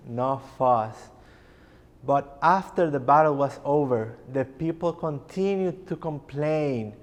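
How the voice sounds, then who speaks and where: A man's voice: mid-range voice, lightly acted. A man playing weary Moses. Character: weary adult male Moses leading grumbling people. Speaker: narrator and Moses in a musical. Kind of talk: stage musical narration. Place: concert hall. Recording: hall reverb.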